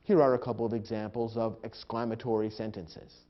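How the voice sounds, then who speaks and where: A man narrating a grammar lesson in a measured, explanatory way, reading example sentences aloud with expressive emphasis. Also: fairly low pitch. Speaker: grammar instructor. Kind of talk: scripted educational narration. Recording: dull lo-fi recording.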